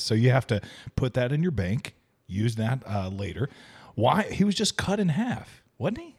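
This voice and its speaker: A man co-hosting a casual movie review podcast, excitable and full of fillers and laughs. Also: mid-range voice, normal speed. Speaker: podcast co-host.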